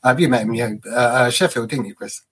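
A man of middle pitch co-hosting a casual football fan podcast. He talks in a loose, chatty way and drifts into anecdotes. His voice sits in an ordinary, unremarkable range. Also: fairly quick, a bit bright, husky. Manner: chatty storyteller, laughs at his own anecdotes. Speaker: podcast co-host.

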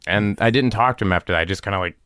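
A man in his thirties with a low, smooth, resonant voice, rambling through self-deprecating stories as a comedian guest. He is recorded in a garage studio, and the sound is dry and close. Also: very fast, fairly bright tone, dry recording. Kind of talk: casual interview storytelling.

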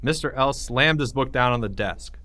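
A man reading a children's story aloud in a playful, expressive way. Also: medium pitch, normal speed, no room sound. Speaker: narrator.

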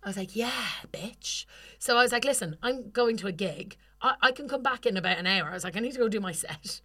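A woman's voice: medium pitch, fast. A young woman co-hosting a podcast, telling a funny story in casual chat, swearing freely and acting out the people in it. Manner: animated, swears freely, acts out quoted people. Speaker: podcast co-host.

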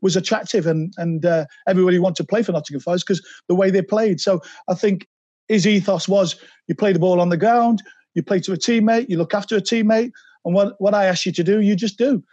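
A man, a podcast guest telling animated anecdotes and slipping into quoted voices. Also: sits high, quick pace, dry recording, highs cut off. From England. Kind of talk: anecdotal interview storytelling.

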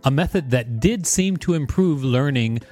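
A male podcast co-host reads facts aloud in a very lively, swooping voice and keeps cutting in with jokes. Faint music plays underneath. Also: normal speed. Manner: jokey, reads aloud with playful pitch swings. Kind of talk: casual podcast reading and chat.

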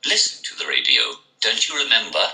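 Deep, bright, synthetic robot voice. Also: male voice, fairly quick, creaky, full character voice, rough recording. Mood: flat. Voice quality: synthetic, monotone delivery. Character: deep robot voice translator, male. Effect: robot voice filter.

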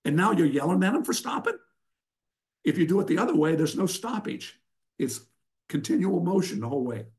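A man's voice: high voice, big pitch swings, brisk, darkish tone. Older guy coaching, blunt and sarcastic, kinda punchy. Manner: blunt, emphatic, sarcastic storyteller. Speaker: wrestling coach guest. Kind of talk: instructional interview talk.

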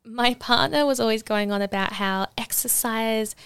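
A young woman hosting her own podcast, talking alone in an animated, emphatic way and often laughing. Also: fairly high pitch, moderate pace, clear, resonant tone, dry recording. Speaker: podcast host. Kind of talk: solo podcast monologue.

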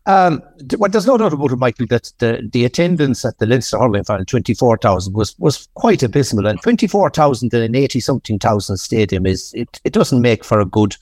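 A man's voice: mid-range voice, expressive, fairly quick, hardly any pauses, darkish tone, no echo. A man with an Irish accent giving forthright sports punditry on a podcast, often repeating words as he builds a point. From Ireland.

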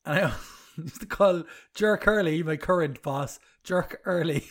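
A man's voice: fairly high pitch, measured pace, a bit bright. A man co-hosting a casual podcast, teasing and jokey, swearing freely. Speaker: podcast co-host. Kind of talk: casual chat.

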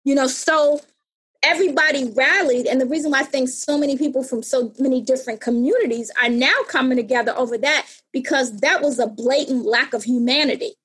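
A woman in her fifties telling a personal story in conversation, animated and acting out the people in it. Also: high-pitched, a little fast, breathy edge, poor audio. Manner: animated, acts out voices in retold scenes.

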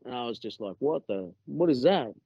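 A man's voice: mid-range voice, expressive, moderate pace, mellow, breathy edge, no room sound, muffled recording. A man with an Australian accent telling a story in a casual podcast chat, rambling and swearing with many restarts.

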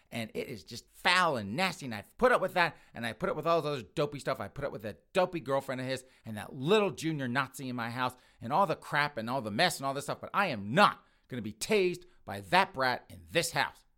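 A man's voice: on the low side, lively intonation, racing, bright, forceful tone. A man doing a fed-up grumbling mother. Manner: grumbling, muttering, exasperated. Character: fed-up, scheming middle-aged mother.

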